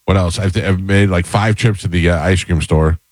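A man's voice: deep voice, steady tone, normal speed, dry recording. A man hosting a casual radio show, joking and rambling through promotions and banter. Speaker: radio host.

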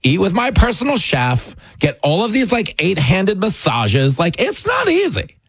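A man's voice: high-pitched, huge pitch swings, measured pace, fairly bright tone, husky, dry recording, clean studio sound, voice pushed up, exaggerated voice. A man putting on the voice of a spoiled, entitled young princess, complaining in an exaggerated, mocking way. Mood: whiny.

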